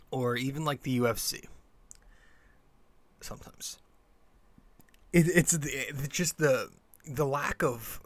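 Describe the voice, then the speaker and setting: A man's voice: mid-range voice, fairly bright tone, no room sound. A young man hosting his own podcast, rambling casually with lots of fillers and restarts. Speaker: podcast host. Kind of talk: casual solo podcast monologue.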